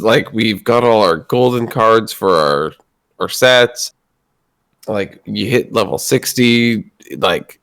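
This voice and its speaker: Gravelly-voiced man co-hosting. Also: fairly low pitch, fairly bright tone. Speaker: podcast co-host. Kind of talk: casual chat.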